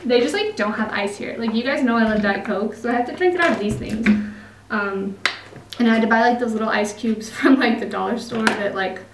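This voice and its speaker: Speaking briskly in a fairly high voice, this young vlogger from Utah talks casually to the camera with an American accent, full of laughter and fillers. The sound is roomy, she's far from the mic, and there's background noise.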